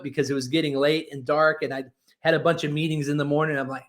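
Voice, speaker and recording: A man in his forties with a slightly higher voice coaches would-be authors in an upbeat webinar. He tells homespun stories with energy and a persuasive push. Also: fairly quick. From Oklahoma. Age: 40s. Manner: folksy storytelling, energetic and persuasive. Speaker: book publishing coach. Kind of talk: motivational webinar talk.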